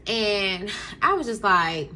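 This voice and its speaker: Animated young woman telling a story. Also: mid-range voice, slow, slight background noise. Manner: animated, acts out quotes, laughs often, addresses viewers as y'all. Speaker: storytime vlogger. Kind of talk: casual storytelling to camera. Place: home room with a Christmas tree.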